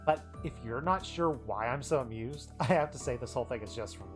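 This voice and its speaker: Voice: medium pitch, animated, a little fast, soft background music, lightly acted. A streamer reading lines as a mischievous teenage girl mage who teases and jokes in a slangy way. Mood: teasing. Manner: playful and teasing, slangy.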